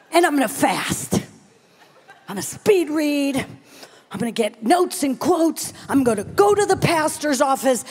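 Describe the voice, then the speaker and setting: A middle-aged woman delivers a sermon at a large live conference. Her voice sits high and she takes her time, acting out a self-mocking story with animated bursts and snatches of prayer in tongues. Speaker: conference speaker.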